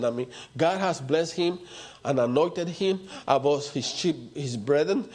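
Emphatic man preaching a sermon. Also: fairly high pitch. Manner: emphatic, repetitive preaching with rising outbursts.

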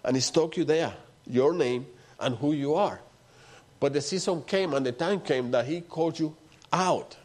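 A man preaching a sermon with fervent, emphatic delivery, swinging between raised and hushed passages. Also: fairly high pitch, normal speed.

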